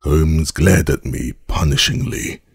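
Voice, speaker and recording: A man narrating an audiobook in a measured, formal storytelling manner. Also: rumbling low, breathy edge, no echo, studio quality.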